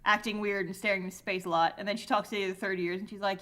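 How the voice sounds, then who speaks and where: A woman's voice: mid-range voice, flat delivery, racing, few pauses, a bit bright. A woman co-hosting a casual podcast, retelling scenes with sarcasm and frequent swearing. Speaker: podcast co-host.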